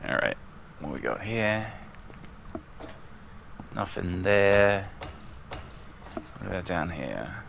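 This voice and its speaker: A man's voice: low voice, animated, takes it slowly, vocal fry, long pauses, fairly bright tone, dull audio, a little hiss or hum. A man chatting casually as he plays a ghost-hunting game, musing aloud and calling out questions to the ghost. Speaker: gamer streaming his play. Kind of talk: casual commentary while playing.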